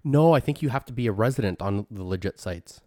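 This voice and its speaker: A man in casual chat, laid-back and quick with short quips. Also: fairly low pitch, expressive, darkish tone, no room sound, clean studio sound.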